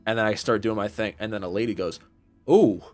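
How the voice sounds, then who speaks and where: Faint music plays behind this young man as he co-hosts a podcast, speaking quickly with a fairly low pitch and a steady tone. He rambles through a story in casual conversation, swearing freely and leaning heavily on fillers.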